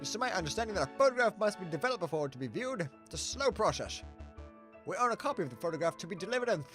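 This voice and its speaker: A man's voice: sits high, very animated, very fast, fairly bright tone, faint music behind. A man voicing a smug, wealthy male lion baron with a put-on French accent and a pompous, gracious manner.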